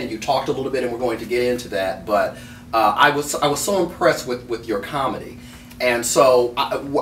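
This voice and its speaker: A man hosts a talk show interview, enthusiastic and a little halting as he asks his questions. His voice sits at a middle pitch. It is recorded off-mic in a roomy space, with faint noise behind. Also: a bit bright, far from the mic.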